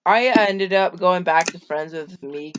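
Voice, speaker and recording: Halting, mumbling co-host on a call. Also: medium pitch, steady tone, highs cut off, noisy background. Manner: halting, trailing off, mumbled asides. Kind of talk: casual online chat.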